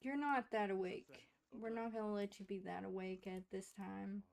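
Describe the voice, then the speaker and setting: A woman's voice: medium pitch, fairly even intonation, moderate pace, creaky, darkish tone. A woman casually narrating a life-simulation game, chatting to her characters as she plays. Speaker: gaming streamer. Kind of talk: casual let's-play narration.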